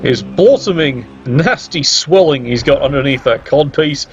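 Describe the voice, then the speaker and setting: A man's voice: mid-range voice, expressive, measured pace. A man commentating a video game match in a sarcastic, teasing way. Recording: dull lo-fi mic with faint hiss.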